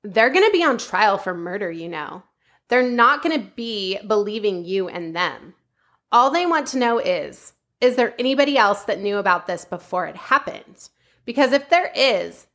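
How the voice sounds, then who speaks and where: A woman's voice: a little high, a bit bright. A woman voicing a young Valley Girl, reading out a tense recorded conversation in a put-on accent. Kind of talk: reading a transcript aloud in a put-on voice.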